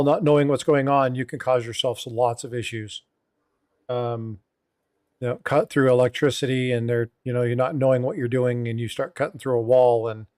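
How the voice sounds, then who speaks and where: A middle-aged man with a mid-range, slightly mellow voice hosts a casual livestream panel. He rambles with lots of "um" and "you know" and reads viewer comments aloud.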